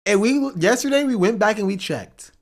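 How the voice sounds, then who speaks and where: A young man talks through a stream reaction, mocking and chuckling as he goes. His pitch swings widely, rising and dropping with every jab. He keeps it loose and conversational. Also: lively intonation, moderate pace. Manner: sarcastic, laughing often. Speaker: livestream host. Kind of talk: casual stream commentary.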